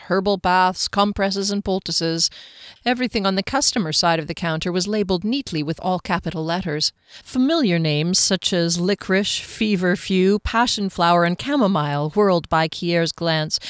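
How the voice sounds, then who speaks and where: A woman narrating a fantasy audiobook in a steady, measured storytelling manner. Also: on the low side, clear, resonant tone, no echo, studio quality. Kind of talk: scripted narration.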